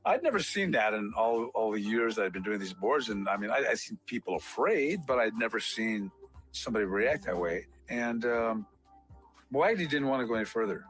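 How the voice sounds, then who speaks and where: An older man, a civilian on a police disciplinary board, recounting a hearing in an animated interview with many fillers. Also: lowish voice, normal speed, faint music behind, rough recording. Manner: animated retelling, acts out quotes, frequent fillers. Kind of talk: storytelling interview.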